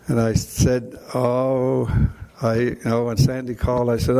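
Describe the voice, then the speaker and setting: An older Canadian man with a Canadian accent, giving an emotional, halting acceptance speech at a hall of fame ceremony, full of restarts. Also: medium pitch, little pitch movement, gravelly, warm tone, clear, resonant tone. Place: banquet hall.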